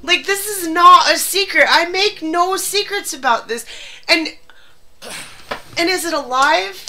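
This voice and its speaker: A woman's voice: extremely high pitch, unhurried, pushed and bright, slight background noise. A woman streaming live, panicking, swearing and laughing in fits.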